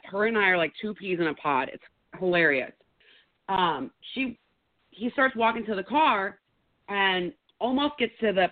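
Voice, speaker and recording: A woman guest telling a first-hand story in a lively way, acting out her own words loudly. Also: fairly low pitch. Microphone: phone call. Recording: tinny phone line.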